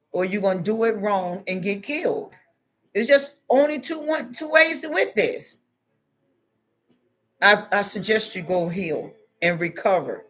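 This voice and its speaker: A woman's voice: medium pitch, fairly bright tone. A woman vlogger giving a preachy spiritual pep talk to her viewers, emphatic and repetitive, with casual slang. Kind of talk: preachy motivational monologue.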